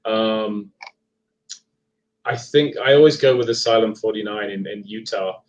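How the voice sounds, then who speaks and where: A man's voice: lowish voice, unhurried, muffled recording. Chatty man with a Leicester accent. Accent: Leicester English, partly Americanized. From England. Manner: chatty, hesitant with frequent ums and restarts. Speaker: guest author and paranormal investigator. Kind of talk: casual live podcast chat.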